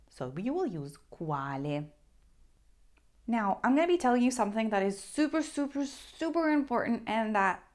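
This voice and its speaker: A woman teaching a language lesson, who stresses key points by repeating them and models words slowly and carefully for the learner. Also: mid-range voice. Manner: slow, careful modeling of pronunciation.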